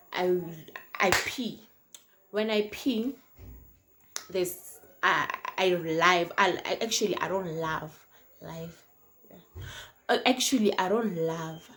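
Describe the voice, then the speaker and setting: Slow, low-voiced South African woman vlogger. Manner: animated, mixes in local slang, swings between loud and hushed. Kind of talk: casual storytime. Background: faint noise from outside.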